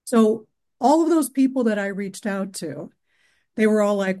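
Slow, hesitant woman client. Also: medium pitch, animated, mellow. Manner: hesitant, many fillers. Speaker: coaching client. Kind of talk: explaining her situation on a call.

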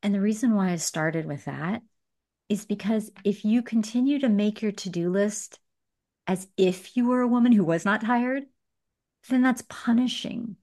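A woman hosts a conversational coaching chat about money, speaking in an animated, emphatic way and laughing often. Her voice is mid-range and her speed is normal.

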